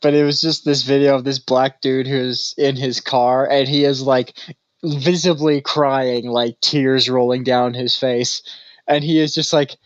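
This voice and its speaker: A man's voice: mid-range voice, flat delivery, unhurried, dry recording. A man co-hosting a podcast in casual chat, a loose, rambling storyteller who laughs often. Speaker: podcast co-host. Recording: dry, slightly dull recording.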